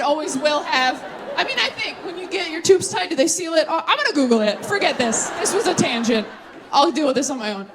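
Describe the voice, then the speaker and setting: A young woman performing stand-up comedy on stage, animated and self-mocking, with quick asides and crowd work. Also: extremely high pitch. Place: live theater stage with audience. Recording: live show, audience laughter and room noise.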